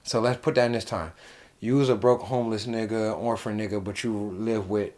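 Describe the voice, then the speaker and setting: A young man from New Jersey hosting a casual late-night chat, rambling and animated, swearing freely. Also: lowish voice, a little fast. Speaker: host.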